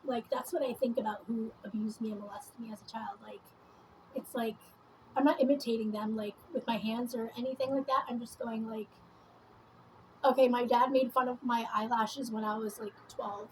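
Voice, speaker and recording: High-voiced woman ranting, heavy swearing. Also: fairly even intonation, fairly quick, a little hiss or hum, rough recording. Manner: heated, profane, rambling. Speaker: vlogger doing makeup. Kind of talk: rambling casual monologue.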